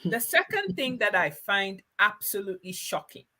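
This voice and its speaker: A woman's voice: mid-range voice, very animated, moderate pace, bright, forceful tone. A woman from Ghana hosting a casual conversation, emphatic and affirming. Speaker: host. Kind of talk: casual chat.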